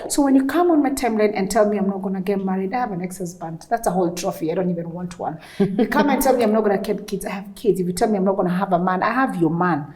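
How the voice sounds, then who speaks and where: An outspoken woman with a Kenyan accent talks candidly as an interview guest, slipping between English and Swahili. Her voice is dark and mellow, and the recording carries a noticeable echo from the room. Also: mid-range voice, fast talker. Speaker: guest, former radio host.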